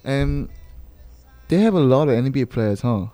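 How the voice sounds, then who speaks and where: Mellow, hesitant radio host. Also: male voice, medium pitch, normal speed, no echo. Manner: relaxed, hesitant with many fillers. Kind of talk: casual radio chat.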